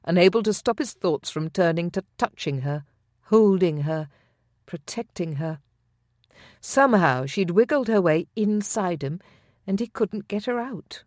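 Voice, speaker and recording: A woman narrating a historical romance audiobook in a smooth, expressive storytelling manner. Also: on the low side, no room sound, clean studio sound.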